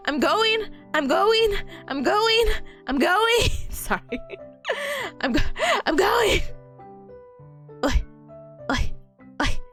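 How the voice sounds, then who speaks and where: A woman's voice: high voice, fairly bright tone. A young woman streaming as a VTuber, chatting casually with her chat, giggly and bubbly, talking with a smile.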